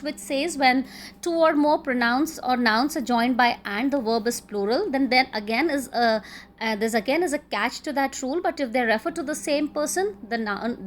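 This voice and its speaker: A woman's voice: high voice, a little hiss or hum. A woman with an Indian English accent teaching a grammar lesson, patiently repeating each rule and example. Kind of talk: classroom grammar lecture.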